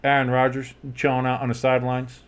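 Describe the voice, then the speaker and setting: A man with a deep, bassy voice doing casual, joking play-by-play commentary of a game, swinging from murmured asides to loud outbursts. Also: monotone, fast talker, clean tone. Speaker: play-by-play host.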